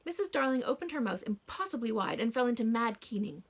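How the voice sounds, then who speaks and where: Gravelly woman narrating an audiobook. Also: on the high side, expressive, quick pace. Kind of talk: first-person audiobook narration.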